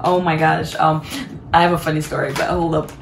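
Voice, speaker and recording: A woman's voice: deep voice, flat delivery, brisk, creaky. A woman giving a casual tarot reading in a bubbly, chatty way and laughing often. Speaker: tarot reader. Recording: echoey room, faint background noise.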